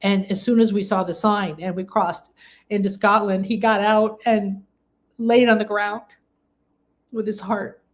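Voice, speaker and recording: A woman from England leads a casual live spiritual talk at a middle pitch. She speaks in an effusive, gushing way and often restarts her sentences. Now and then she breaks into excited exclamations. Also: measured pace. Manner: rambling, with frequent restarts and fillers. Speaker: spiritual teacher and live-stream host.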